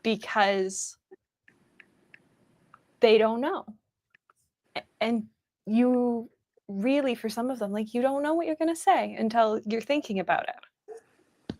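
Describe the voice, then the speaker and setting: Woman, host, casual chat, chatty, higher voice, dry sound. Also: takes it slowly, long pauses, a little mellow, dry recording. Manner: chatty, many fillers and laughs. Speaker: podcast host.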